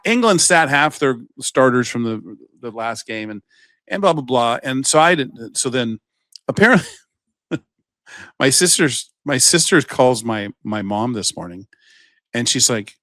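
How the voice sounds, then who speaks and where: A man co-hosting a podcast, telling stories in a rambling, casual way and getting animated as he retells events. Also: on the high side, normal speed, no room sound. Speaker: podcast co-host. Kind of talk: casual chat.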